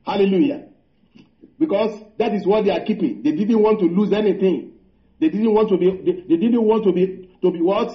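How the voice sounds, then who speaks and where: A man preaching a sermon, halting and repeating words, calling out hallelujah and asking the congregation rhetorical questions. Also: high voice. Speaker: pastor. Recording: echoey room, dull lo-fi sound.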